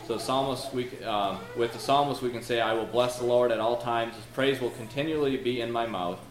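A man's voice: mid-range voice, steady tone, fairly quick. A man preaching a sermon in a folksy, storytelling way, reciting prayers and verses. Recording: echoey room with noise.

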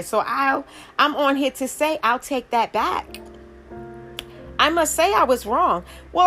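A woman's voice: fairly high pitch, fairly bright tone. A middle-aged woman vlogging, telling a story in a rambling, emphatic way, full of asides and restarts. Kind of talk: casual storytelling monologue.

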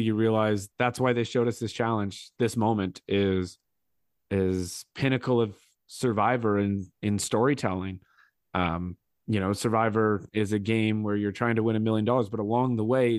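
A man hosting a podcast, retelling a TV challenge in a rambling, animated play-by-play way. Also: lowish voice, moderate pace, no room sound, studio quality. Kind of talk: casual podcast recap.

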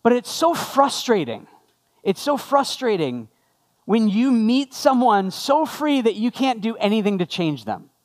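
A man's voice: extremely high pitch, big pitch swings, unhurried. A male pastor giving a sermon after an opening prayer, conversational with jokey asides to the congregation.

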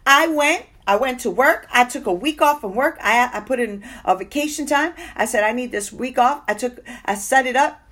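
A woman's voice: high voice, normal speed, hardly any pauses. A woman giving a personal faith testimony, telling her story expressively and acting out what people said. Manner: emotional, expressive storytelling with acted-out quotes. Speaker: testimony speaker.

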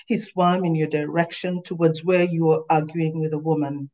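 A woman author reading aloud from her novel in a measured, literary way. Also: low-pitched, little pitch movement, warm tone, rough recording.

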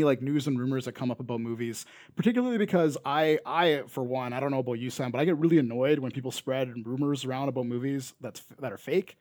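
A man's voice: mid-range voice, darkish tone, no room sound. Rambling Canadian man, dry close sound. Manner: rambling, many fillers and restarts. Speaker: podcast co-host. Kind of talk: casual chat.

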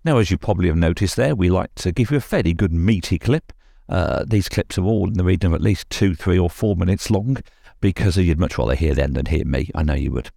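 A man hosts a podcast in a chatty, easygoing way, full of little uhs. His voice is very low with plenty of gravel and a dark, mellow tone. The sound is dry and close. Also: a little fast, no echo. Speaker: podcast host. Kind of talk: casual podcast presenting.

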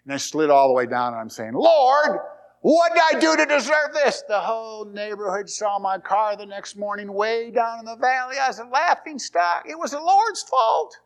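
A man preaching a sermon, reading scripture aloud and retelling the story in an animated way. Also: high-pitched, moderate pace, few pauses. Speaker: pastor.

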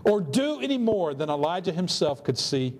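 A man's voice: sits high, sing-song, moderate pace, darkish tone, a little hiss or hum. Man preaching a sermon in a reverberant hall. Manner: earnest storytelling, rhetorical. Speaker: pastor. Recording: long hall reverb, faint ambience.

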